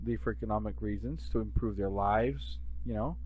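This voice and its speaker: A man teaching an English class in a relaxed, chatty way, often checking in with his listener. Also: fairly low pitch, normal speed, poor audio. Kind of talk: conversational English lesson.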